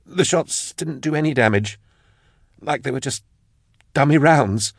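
A man's voice: medium pitch, gravelly, no room sound, studio quality, pitched above the performer's own voice. A man doing a rattled, awkward scholar. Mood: flustered. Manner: halting, flustered, trying to sound calm. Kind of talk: audiobook character voice.

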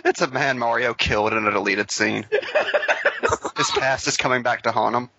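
A man's voice: mid-range voice, normal speed, lo-fi sound. A man joking wryly while commenting on a movie with friends. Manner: wry, deadpan jokes with bursts of laughter.

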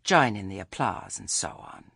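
A man voicing a stern old witch woman who speaks meekly and quietly, with menace under it. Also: very deep voice, expressive, normal speed, vocal fry, slightly rough, no echo, clean studio sound, full character voice. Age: older. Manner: meek, soft-spoken, understated.

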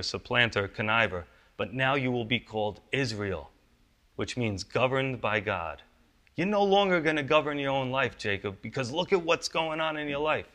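Male pastor, sermon, tense bright tone, chatty rhetorical questions. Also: medium pitch. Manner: conversational preaching with rhetorical questions.

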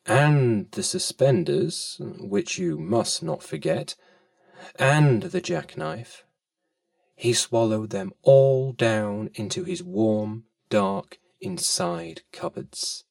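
A man's voice: medium pitch, gravelly, darkish tone, no room sound, studio quality, far from the mic. A man reading a children's story aloud with a playful, lilting delivery and fond asides to the listener.

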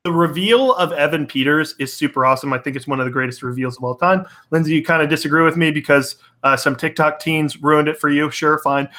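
A man hosting a casual chat, excitable and quick to laugh. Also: fairly high pitch. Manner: excitable, laughs often, quick fan talk.

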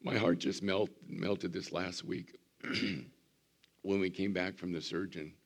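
A man in his seventies, a pastor preaching a folksy, storytelling sermon with a hoarse, recovering voice. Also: sits low, slow. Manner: folksy storytelling, animated when mimicking. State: hoarse, recovering voice after surgery.

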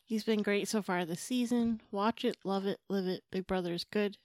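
A woman's voice: medium pitch, normal speed, darkish tone. A woman from New England co-hosting a casual podcast, upbeat and pushy, reading out listener mail. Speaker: podcast co-host. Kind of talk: casual chat.

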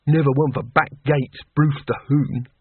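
A man voicing a gruff, grumbling barbarian warrior in a storybook reading. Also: medium pitch, steady tone, unhurried, no echo. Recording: tinny phone-like dry sound.

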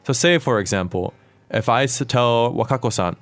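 A man hosting a podcast language lesson, explaining words clearly and asking his co-host questions. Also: medium pitch, moderate pace, no room sound, faint music behind.

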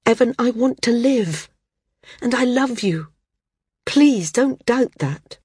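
A woman's voice: on the high side, lively intonation, takes it slowly, darkish tone, breathy edge, no echo, clean studio sound, pitched above the performer's own voice, exaggerated voice. A woman voicing a determined woman flyer, speaking in an earnest, resolute way in an audiobook. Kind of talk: audiobook character reading.

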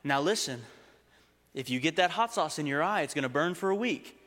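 A preacher imitating his older father with a Texas accent, giving slow, lecturing warnings. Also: on the high side, expressive, a bit bright, in a large hall. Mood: fatherly warning.

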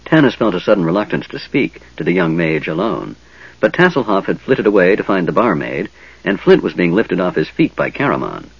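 Guy reading a fantasy audiobook, husky and lowish, very animated, dry dull recording. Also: brisk, no echo. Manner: dramatic, expressive reading. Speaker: audiobook narrator. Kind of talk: scripted fantasy narration.

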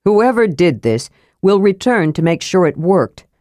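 A woman's voice: on the low side, very animated, a little slow, warm tone, dry recording, clean studio sound. Eager big warrior, read by a woman.

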